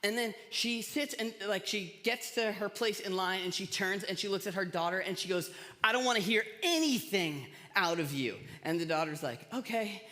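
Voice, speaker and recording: A man preaches in a relaxed, storytelling way, slipping in self-deprecating jokes. His voice sits fairly high and sounds bright and forceful. A long reverb from a large church hall trails each phrase. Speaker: pastor. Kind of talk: casual sermon.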